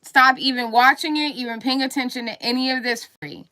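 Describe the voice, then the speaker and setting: A woman's voice: sits high, steady tone, fairly quick, pushed and bright. A woman livestreaming an angry, profane rant, repeating herself heatedly.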